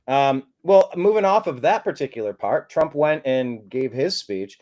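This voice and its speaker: A man's voice: medium pitch, expressive, normal speed, darkish tone. A man co-hosting a political talk show, speaking emphatically with sarcastic jabs and ranting asides. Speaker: co-host. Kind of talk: political commentary chat.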